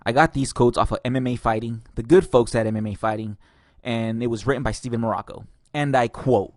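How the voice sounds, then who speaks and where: A man's voice: mid-range voice, fairly quick, darkish tone, no room sound, studio quality. A man hosting a podcast, ranting angrily and profanely with sarcastic laughs. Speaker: podcast host.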